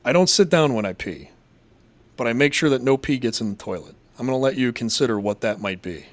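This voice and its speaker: A man's voice: mid-range voice, lively intonation, brisk. A man from Massachusetts hosting a casual live show, reading chat and rambling in a crude, profane, jokey way.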